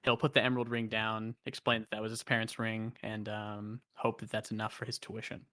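A man's voice: lowish voice, completely flat delivery, a little fast, bright, forceful tone. A man playing a tabletop game, describing his character's actions in a casual, matter-of-fact way. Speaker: player.

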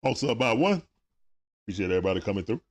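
A man hosting a sports talk livestream, giving casual play-by-play as he watches a game, shouting at big plays and greeting viewers. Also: on the low side, very animated, very fast. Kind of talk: live play-by-play watch-along commentary.

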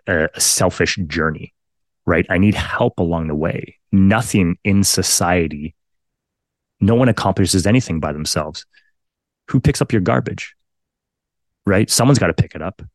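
Deep-voiced blunt man, dry close mic. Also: dry recording. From Canada. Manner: blunt and profane, emphatic repetitions. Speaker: podcast guest, firefighter. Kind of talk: candid conversational storytelling.

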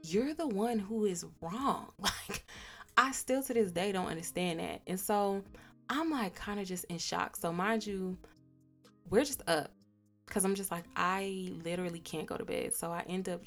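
A young woman hosting a podcast, candidly retelling a personal story with profanity and acted-out dialogue. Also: fairly low pitch. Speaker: podcast host.

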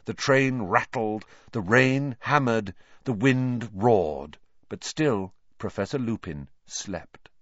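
A man reading a novel aloud as narrator, in an expressive, varied way. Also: mid-range voice, slow, no room sound, dull audio. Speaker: audiobook narrator.

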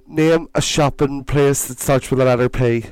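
Northern Irish male guest, smooth and giggly, dry close mic. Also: medium pitch, fairly even intonation, a little mellow, no room sound, low-quality recording. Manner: giggly, quick to laugh. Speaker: podcast guest, drag performer. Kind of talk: casual comedy chat.

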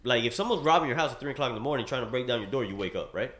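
A man speaks quickly with a lively, bright voice, co-hosting a podcast chat. He argues hard and walks through imagined scenes step by step. The room gives him a roomy echo. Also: mid-range voice. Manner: argumentative, plays out scenes step by step. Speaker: podcast co-host. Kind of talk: casual chat.

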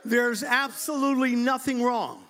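A middle-aged man preaching a lively church sermon to his congregation, playful and animated, breaking into shouts and laughter. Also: very high voice, measured pace. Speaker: bishop preaching.

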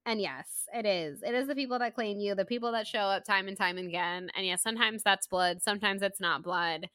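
Woman cohost raving about a book, bright sharp voice, dry close sound. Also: mid-range voice, fairly quick, smooth, dry recording. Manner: enthusiastic, gushing, laughs often. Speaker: podcast co-host. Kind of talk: casual book-club chat.

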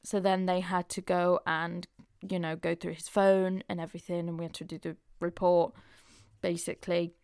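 Frank gravelly-voiced woman podcaster. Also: lowish voice, little pitch movement, moderate pace, darkish tone, dry recording, clean studio sound. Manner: frank and open, chatty with frequent fillers. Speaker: podcast host. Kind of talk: casual confessional chat.

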